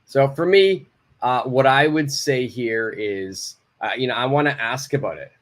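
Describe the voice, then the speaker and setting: A man teaching an online English lesson, repeating example phrases slowly and clearly. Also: medium pitch.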